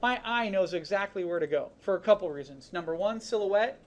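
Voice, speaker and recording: Casual male art instructor narrating his painting. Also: fairly quick. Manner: relaxed, talks while painting, narrates each brush stroke; casual, with fillers like "boom" and "you know". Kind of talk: screen-recorded art lesson.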